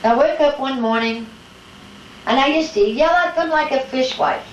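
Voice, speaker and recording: An older woman being interviewed at home, telling lively family anecdotes and acting out the voices of her family. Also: sits high, normal speed. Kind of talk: casual storytelling at home. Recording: echoey room, distant mic, dull home-video sound with faint hiss.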